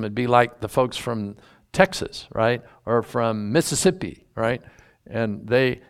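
This pastor preaches a sermon, working through a Bible passage with folksy emphasis and drawn-out key words. His voice is smooth and medium in pitch.

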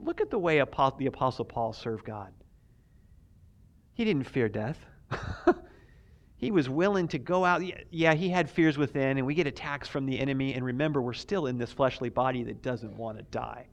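A man preaching a sermon and telling a personal story, swinging from soft asides to excited shouting. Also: a little high. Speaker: pastor.

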